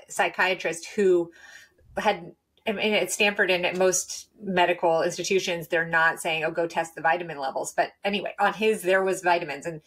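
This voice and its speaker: Lower-pitched woman guest, lively and talkative, for an interview. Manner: animated, quick, with laughs and restarts. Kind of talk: conversational interview storytelling.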